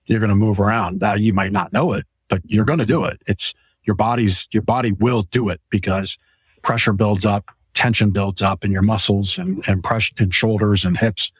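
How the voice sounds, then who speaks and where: An enthusiastic man chatting casually about mattresses from a store showroom, his voice a bit on the low side. He rambles and pitches products with a close, dry sound and no room echo. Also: fairly even intonation, moderate pace, husky. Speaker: podcast host and mattress store owner. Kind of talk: casual sales chat.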